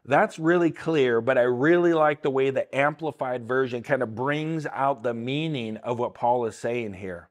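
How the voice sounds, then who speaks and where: A man's voice: mid-range voice, moderate pace, few pauses. An older man giving a casual, earnest Bible teaching, often repeating words and asking "right?" along the way. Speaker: Christian teacher.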